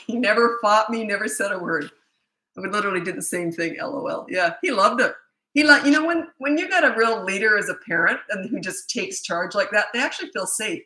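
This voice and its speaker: A woman's voice: medium pitch, pushed and bright, low-quality recording. A middle-aged woman, a parenting coach, answering viewer questions in a blunt, chatty way and telling stories with laughter. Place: Australia.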